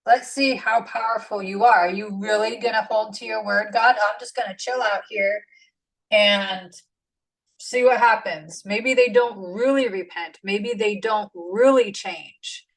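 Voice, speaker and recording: A woman's voice: medium pitch, a little slow, rough recording. A woman voicing an exasperated, sulking male prophet who complains in casual slang, close to her own everyday voice. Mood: sulky.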